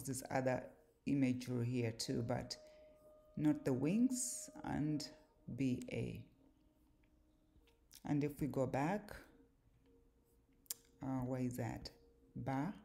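A woman giving a slow, deliberate explanatory lecture on word meanings, pausing often with fillers. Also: rumbling low, gravelly, dark tone, a little hiss or hum. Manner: measured, deliberate, with pauses and fillers. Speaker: language teacher.

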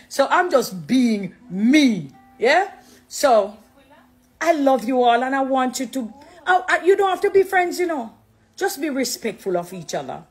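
A middle-aged woman with a Jamaican accent, talking to camera in an animated, preachy, affectionate way, slipping into patois. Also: sits high. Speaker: dancehall artist. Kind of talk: casual direct-to-camera talk.

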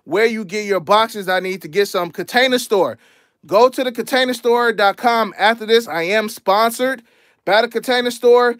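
A young man hosting a casual livestream, chatting in slang about his collection and shouting out viewers who donate. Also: sits high, moderate pace, no room sound, studio quality. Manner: laid-back slangy chatter, shouting out donors. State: out of breath. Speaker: sneaker channel host. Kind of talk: casual livestream show-and-tell.

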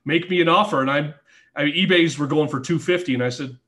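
A man guesting on a podcast, telling a story in a casual, animated way, with lots of swearing and acted-out quotes. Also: a little high, fast talker. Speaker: podcast guest, former wrestler.

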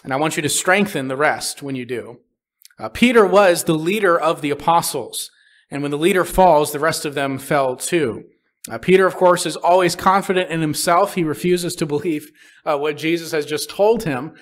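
A man's voice: fairly high pitch, normal speed. A man preaching a sermon as a pastor, reading scripture and explaining it plainly with frequent "uh" fillers. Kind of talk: expository sermon. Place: church sanctuary.

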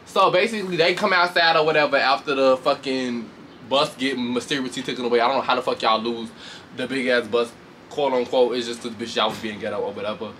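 A man casually recapping a reality show fight with lots of swearing, laughter, and sudden high mocking voices. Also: fast, slight background noise. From Chicago. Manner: animated, profane, laughs often, shifts into high mocking voices. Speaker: commentator reacting to a reality show. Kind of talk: casual chat.

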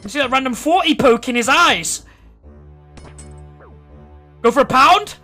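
A man streaming a game live, excitable and swearing as he reacts and talks to his chat. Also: extremely high pitch, measured pace, faint music behind. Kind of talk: live gameplay commentary to chat.

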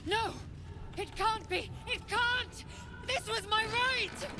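A woman's voice: extremely high pitch, slow, music in the background. A fierce githyanki warrior woman. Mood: enraged. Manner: harsh, commanding, defiant.

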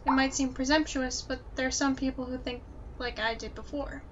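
Gentle supportive friend, read by a woman; reassuring tone, high pitch, dull recording. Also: fairly even intonation, moderate pace, a little hiss or hum, natural voice.

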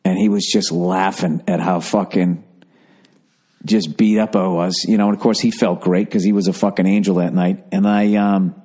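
A man's voice: low voice, level tone, normal speed, dark tone, slightly rough. Man rambling through a profane comic story. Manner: profane, digressive, corrects himself mid-sentence. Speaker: podcast host.

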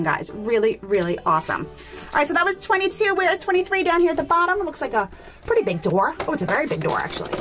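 A woman's voice: high-pitched, fairly bright tone. A woman hosting a toy unboxing vlog, gushing with enthusiasm and talking to her viewers as guys. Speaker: toy unboxing channel host.

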